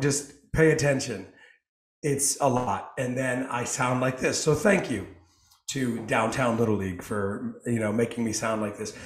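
Hoarse, upbeat male podcast host. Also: mid-range voice, roomy sound. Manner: energetic, joking, quick asides. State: hoarse from coaching. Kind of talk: casual chat.

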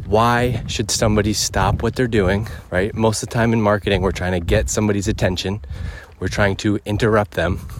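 A man's voice: on the low side, level tone, fairly quick, few pauses, a little hiss or hum. A man hosting a podcast, giving an emphatic casual rant while out on a walk, a little out of breath. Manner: emphatic, punchy checklist delivery. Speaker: podcast host. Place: outdoors on a walk.

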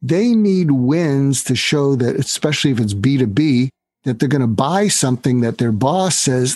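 A man's voice: mid-range voice, lively intonation, moderate pace, darkish tone, slightly rough, dry recording. A man talking as a guest author in an interview, explaining a sales technique step by step in an instructive way. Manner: instructive, acts out quoted dialogue.

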